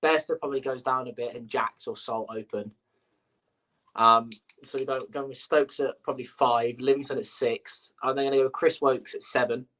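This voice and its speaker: Guy hosting a sport podcast, muses out loud, lots of ums, everyday voice. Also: mid-range voice, fairly even intonation, moderate pace, poor audio. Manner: musing, thinks aloud with fillers. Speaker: podcast host. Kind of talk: casual sports chat.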